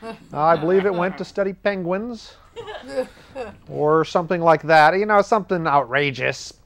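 A man hosting a public access TV show, rambling through a comic monologue and acting out both sides of conversations. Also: fairly high pitch. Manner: rambling, self-mocking, acts out dialogue in quick voices. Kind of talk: casual comedic monologue. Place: TV studio.

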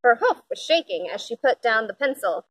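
A woman reading a children's picture book aloud, with expressive, lively storytelling. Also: a little high, normal speed, dry recording, low-quality recording. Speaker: storybook reader.

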